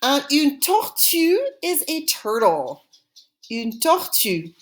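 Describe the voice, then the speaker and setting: Slow, lively-voiced woman teaching French vocabulary. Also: sits high. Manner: slow, deliberate, repeating words for students. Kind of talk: language lesson drills.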